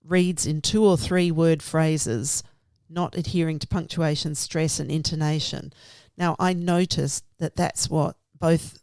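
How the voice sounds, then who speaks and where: Slow-spoken woman teacher, reflective. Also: low-pitched, steady tone, a little mellow, no echo, studio quality. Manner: reflective, explains step by step. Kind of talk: professional conversation about teaching.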